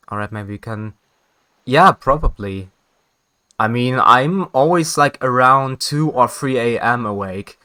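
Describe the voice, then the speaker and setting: A man's voice: mid-range voice, animated, measured pace, bright, forceful tone. A man streaming a video game, chatting casually with viewers, often laughing and correcting himself. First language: German. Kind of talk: casual game stream chat, reading dialogue aloud.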